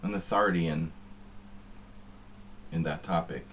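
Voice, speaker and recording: A man's voice: low voice, steady tone, measured pace, fairly bright tone, slight background noise. A man streaming chess, chatting in a rambling, wry, offhand way between moves. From United States. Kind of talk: casual chat while playing online chess.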